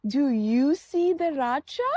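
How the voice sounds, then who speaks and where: A woman with a high, bright voice that swoops up and down as she teaches young children. She speaks very slowly and coaxingly, repeating each word and prompting the child to answer. The recording is close and dry. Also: lively intonation, no echo. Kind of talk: slow sing-song teaching for kids.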